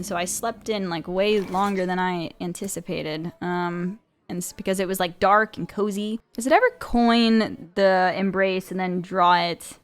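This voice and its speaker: Young woman streaming, chatty, thinking out loud while she plays, some light hiss. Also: medium pitch. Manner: chatty, laughs easily, thinks aloud. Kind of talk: casual gameplay commentary.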